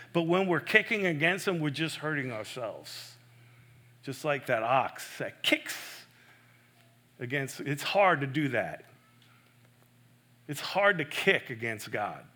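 A man preaching a sermon in an earnest, emphatic way. He swings between loud stresses and soft, hushed asides. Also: a little high, lively intonation, slow pace. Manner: self-correcting, personal and earnest.

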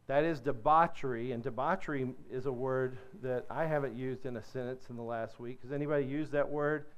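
Smooth-voiced Kentucky-born man teaching. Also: medium pitch, steady tone, brisk, hardly any pauses. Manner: conversational, asks the audience questions. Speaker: addiction counselor teaching a workshop. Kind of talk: church workshop teaching. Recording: dull lo-fi recording.

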